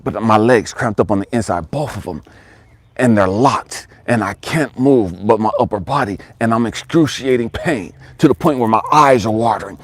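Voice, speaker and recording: A man giving a personal testimony as a spiritual coach, telling his story dramatically and swinging from loud cries to hushed whispers while speaking straight to the listener. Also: fairly low pitch, moderate pace, no echo. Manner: addresses the listener directly.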